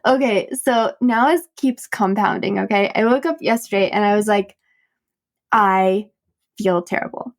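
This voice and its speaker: A woman's voice: mid-range voice, moderate pace, gravelly, few pauses. A woman podcast host and coach telling a personal story in a candid, self-mocking way, laughing often and acting out quoted dialogue. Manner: animated retelling with quoted dialogue.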